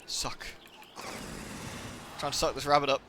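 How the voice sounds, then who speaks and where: A man's voice: mid-range voice, little pitch movement, a little slow, pushed and bright, slight background noise. A man chatting casually and playfully while live-streaming a game, reacting aloud and thanking viewers. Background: game music.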